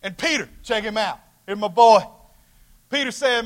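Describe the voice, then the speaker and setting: A man preaching a sermon as pastor in a folksy, colloquial way, swinging between loud emphatic calls and hushed asides. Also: high-pitched, moderate pace.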